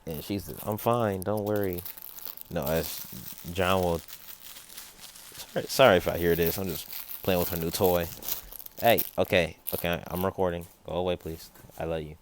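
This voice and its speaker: A man's voice: sits low, flat delivery, slight background noise. A man casually telling a made-up fan story, rambling and correcting himself as he goes. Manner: rambling, self-correcting, with quick asides to a child nearby.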